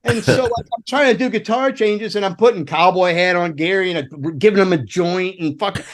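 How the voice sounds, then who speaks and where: Veteran roadie guest, male, slightly high pitch, loose and profane storyteller. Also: normal speed. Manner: animated, profane anecdotes. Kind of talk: casual storytelling chat.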